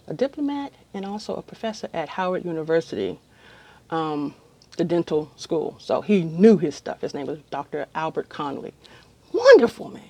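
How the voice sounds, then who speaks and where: A woman's voice: on the low side, darkish tone, dry recording. A middle-aged woman casually telling a long, rambling story to camera with many ums. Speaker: vlogger.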